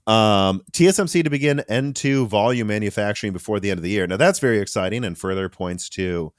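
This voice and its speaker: A man with a deep, low voice hosts a casual tech podcast. He talks in an animated, rambling way, restarting sentences and adding asides. The sound is close and dry, with no room behind it. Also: fast, no room sound. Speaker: podcast host.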